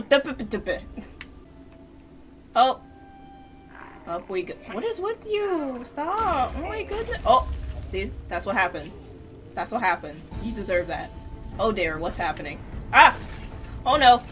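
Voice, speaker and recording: A woman's voice: on the high side, very animated, slow pace, pauses often, bright, forceful tone. A woman streaming a video game live, talking to her chat and the game character, shrieking and swearing at every death. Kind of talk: live gameplay commentary. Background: game music.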